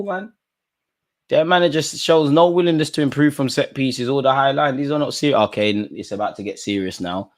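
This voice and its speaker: A man reacting live to a football match, talking at players and the referee, swinging from low mutters to excited shouts. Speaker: football fan streamer.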